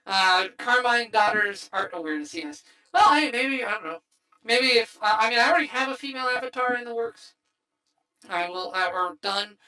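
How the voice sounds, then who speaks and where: Man through a bright voice changer. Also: very high-pitched, normal speed, poor audio. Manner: rambling with many fillers and restarts. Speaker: streamer host. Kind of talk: casual stream wrap-up chat.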